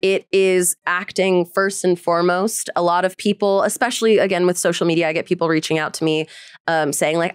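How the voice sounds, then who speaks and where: A woman's voice: on the low side, steady tone, smooth, dry recording. Young woman, bubbly interview guest, laughs between thoughts, dry close sound. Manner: bubbly, laughs often, quick asides. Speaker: voice actress guest. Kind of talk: casual interview chat.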